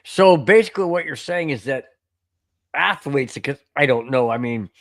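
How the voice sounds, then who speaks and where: A man's voice: medium pitch, expressive, normal speed, a bit bright. A man in his sixties co-hosting a sports podcast, chatty and prone to loose, wandering questions. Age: 60s. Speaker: podcast co-host. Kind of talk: casual sports podcast chat.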